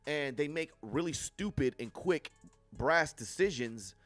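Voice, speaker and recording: A young man hosting a livestream, reacting to news with profane, animated commentary and frequent laughs. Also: a little high, a little slow, dry recording, faint music behind. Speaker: livestream host. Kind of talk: casual commentary on news clips.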